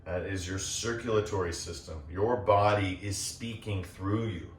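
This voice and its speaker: Direction: Low-voiced male yoga teacher, echoey room. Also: a little slow, recorded from a distance, a little hiss or hum. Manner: calm, demonstrating as he talks, checks in with "right?". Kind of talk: guided yoga class instruction.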